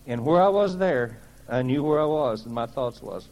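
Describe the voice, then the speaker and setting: A man's voice: mid-range voice, lively intonation, moderate pace, darkish tone, low-quality recording. Man telling a plain-spoken testimony. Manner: plain-spoken, folksy storytelling with earnest conviction. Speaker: speaker giving a testimony.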